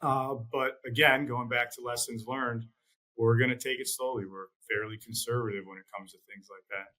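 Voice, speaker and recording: A man as an interview guest, talking in a measured, plain-spoken way and repeating words as he thinks. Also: mid-range voice, steady tone, sharp tone, low-quality recording. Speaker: guest, trading executive. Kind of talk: casual interview chat.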